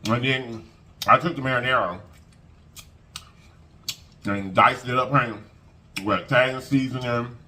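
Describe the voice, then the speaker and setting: A man's voice: mid-range voice, unhurried, pauses often. A man hosting a casual eating vlog, folksy and chatty, humming as he eats. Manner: lively, folksy, hums while eating. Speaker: mukbang host.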